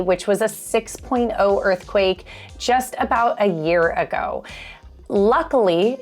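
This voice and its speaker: A woman from California, a realtor and channel host, giving a clear and upbeat scripted talk to camera. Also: mid-range voice.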